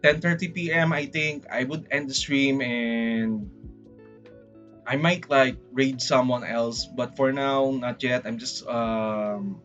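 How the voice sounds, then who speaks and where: A man with a Filipino accent chatting casually on a livestream, rambling and excitable, often saying "freaking". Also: mid-range voice, slow, muffled recording, faint music behind. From Philippines. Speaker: VTuber streamer.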